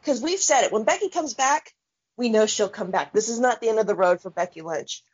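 With a fairly high, husky and expressive voice, this podcast co-host in her thirties talks fairly quickly through blunt, profane, heated rants in a casual chat. The audio is dull and lo-fi.

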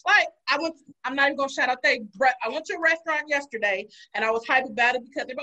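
High bright animated woman host. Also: rapid-fire, hardly any pauses, poor audio. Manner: animated storytelling with loud swearing and laughter. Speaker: podcast host. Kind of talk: casual chat.

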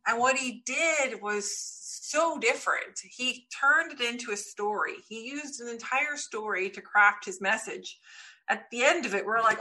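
A woman guest in a casual interview, telling lively stories and acting out what people said. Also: a little high, normal speed. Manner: lively storyteller, acts out quotes. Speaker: podcast guest.

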